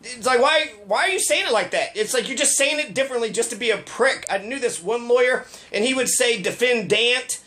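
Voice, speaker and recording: A man's voice: very high-pitched, animated, fast talker, hardly any pauses, bright, forceful tone, slight background noise. A man giving a casual, rambling political rant, sarcastic and full of profanity. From Colorado. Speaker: local political commentator.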